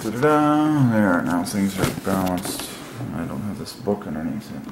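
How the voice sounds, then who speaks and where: A man hosting a casual solo video, musing aloud and breaking into excited exclamations. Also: low voice, moderate pace. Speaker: religious video host. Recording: echoey room with faint noise.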